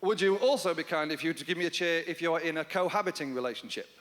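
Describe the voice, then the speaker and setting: A man doing stand-up comedy live on stage, telling stories in a dry, deadpan way with bursts of mock panic. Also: fairly high pitch, fast talker, noisy background. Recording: hall reverb with guitar music.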